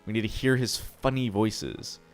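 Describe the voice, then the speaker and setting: A man's voice: lowish voice, measured pace, faint music behind. A man streaming live, chatting casually and answering chat, rambling and swearing freely.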